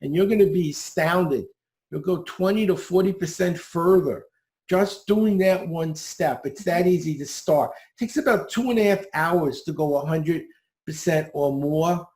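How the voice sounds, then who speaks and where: A man with a high voice talks as a podcast guest, giving listeners direct, upbeat, step-by-step instructions. The sound is echoey, as if he is in a bare room. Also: a little mellow. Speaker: podcast guest teaching speed reading.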